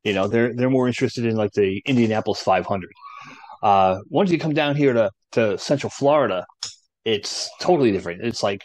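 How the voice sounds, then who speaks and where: A man's voice: fairly low pitch, fairly quick, a little mellow. A man in a casual chat, easygoing and explaining things step by step. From New Jersey. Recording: dry close sound.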